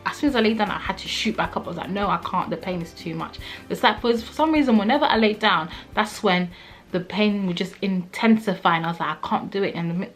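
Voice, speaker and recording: A young woman vlogger telling a personal story in a casual, animated way, acting out what people said. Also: mid-range voice. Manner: animated, acts out quotes, frequent "like".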